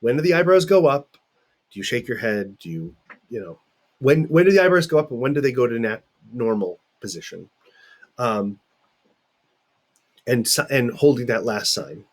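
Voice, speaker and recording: A man's voice: medium pitch, lively intonation, moderate pace, long pauses. A middle-aged man teaching in a recorded video lecture, talking conversationally and putting questions to his students.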